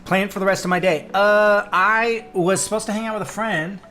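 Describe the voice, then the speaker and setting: A young man hosting a casual livestream, his voice sitting a touch higher than most men's. He rambles through viewer comments with plenty of fillers and restarts, and soft music plays quietly behind him. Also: steady tone, normal speed.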